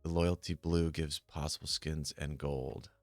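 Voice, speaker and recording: A man's voice: very deep voice, little pitch movement, unhurried, no echo. A man chatting casually on a live stream while playing a game and checking options trades, muttering and swearing when annoyed. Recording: faint music behind. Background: faint music.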